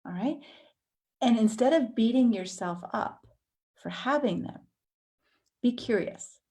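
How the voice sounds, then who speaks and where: A woman teaching a counseling course in a conversational way, acting out inner thoughts with sudden jumps in pitch. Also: lively intonation, measured pace, darkish tone.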